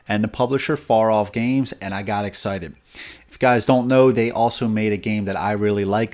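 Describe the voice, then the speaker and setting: A man's voice: fairly low pitch, darkish tone. A man hosting a board game channel, talking casually and enthusiastically with loose restarts. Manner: enthusiastic, rambling with fillers and restarts. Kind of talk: casual video review and speculation.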